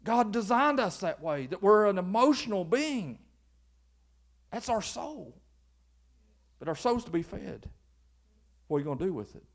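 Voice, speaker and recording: A man's voice: high voice, sing-song, measured pace, gravelly, long pauses. A male pastor preaching a folksy sermon to his congregation in church. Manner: folksy, acts out quoted voices.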